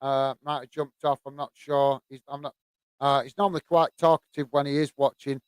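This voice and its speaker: A man from the UK hosting a football live stream, chatting casually and reading out viewer comments, with many pauses, fillers and restarts. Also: medium pitch, flat delivery, clean tone, no room sound. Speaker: host of a football channel.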